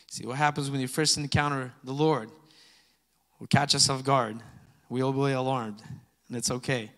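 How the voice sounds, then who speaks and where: A man preaching a sermon, reading scripture loudly and dropping into soft, chatty asides to the congregation. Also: medium pitch, slow pace, pauses often. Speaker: pastor. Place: church sanctuary. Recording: long hall reverb.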